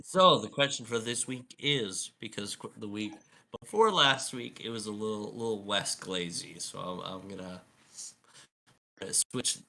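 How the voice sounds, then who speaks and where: Gravelly, easygoing young game master. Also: male voice, lowish voice, pushed and bright. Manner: laid-back, loose, joking. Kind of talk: casual tabletop game banter.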